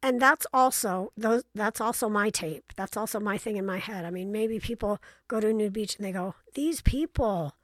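A woman's voice: mid-range voice, steady tone, moderate pace, few pauses, fairly bright tone, dry recording. A middle-aged woman hosting, telling stories in a frank, chatty and playfully blunt way, acting out other people's voices in her anecdotes. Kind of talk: casual storytelling monologue.

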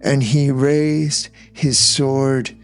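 A man telling an old tale aloud in a measured, unhurried storytelling manner, with faint music behind him. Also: mid-range voice, little pitch movement. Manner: unhurried, measured, with voiced characters in dialogue. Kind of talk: slow storytelling narration.

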